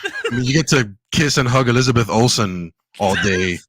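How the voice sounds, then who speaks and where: On a casual show-review podcast, this male co-host talks animatedly at a normal pace in a mid-range, slightly bright voice. He acts out scenes in quoted voices and laughs often.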